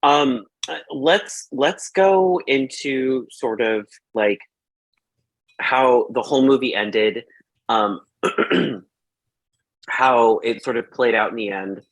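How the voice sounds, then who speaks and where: A man hosts a relaxed film review chat in a middle-pitched voice. He rambles, leans on fillers and slips into quoting his own reactions. The sound is dry and close. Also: takes it slowly, long pauses, no room sound. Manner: rambling, filler-heavy with lots of "like". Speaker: podcast host.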